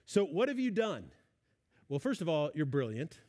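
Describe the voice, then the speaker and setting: A man's voice: fairly high pitch, big pitch swings, moderate pace, warm tone. A middle-aged male pastor giving a conversational sermon, acting out what husbands and wives say. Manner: conversational preaching, acts out spouses' voices.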